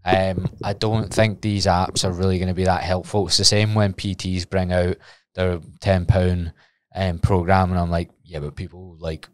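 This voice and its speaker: A man's voice: low voice, little pitch movement, moderate pace, clean tone, no room sound. A Scottish man hosting a solo podcast, talking casually and rambling off on tangents, with the odd swear. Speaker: podcast host and personal trainer.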